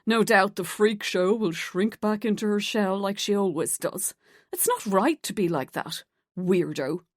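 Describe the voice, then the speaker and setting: A woman's voice: mid-range voice, animated, a little slow, no echo, studio quality. A woman narrator voicing a catty, sneering woman office gossip with an affected South Dublin accent. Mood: spiteful.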